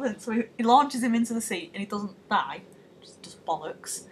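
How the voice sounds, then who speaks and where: A woman's voice: a little high, lively intonation, normal speed, husky. A young woman, chatting casually and retelling a film plot in a rambling, sweary, giggly way. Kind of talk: casual comedic chat.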